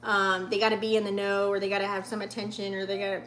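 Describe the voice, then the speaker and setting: A woman's voice: mid-range voice, flat delivery, quick pace, a bit bright, a little hiss or hum. A woman in her late thirties giving a casual, profane, heartfelt pep talk in a spiritual vlog, with many fillers. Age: 30s. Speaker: vlogger.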